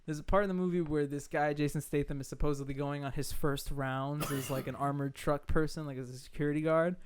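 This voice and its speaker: A young man from Queens rambles through a story on a casual podcast, and his talk is full of filler words. His voice is smooth and clear, pitched slightly above average. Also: fairly even intonation, fairly quick. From Queens, New York. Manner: loose storytelling with many likes and laughs. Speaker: podcast co-host.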